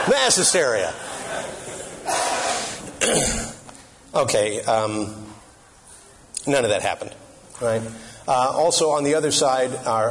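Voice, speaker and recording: Middle-aged man, Catholic speaker, humorous talk, conversational, quizzes the audience, mid-pitched voice. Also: a little hiss or hum. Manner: joking, conversational, asks the audience questions.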